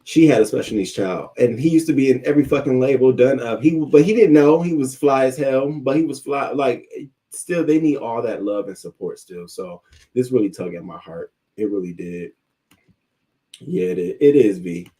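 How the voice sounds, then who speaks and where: A man's voice: mid-range voice, expressive, normal speed, mellow. A man hosting a live news commentary stream, ranting in a heated, profane way with many restarts while reacting to his chat. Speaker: livestream news commentary host.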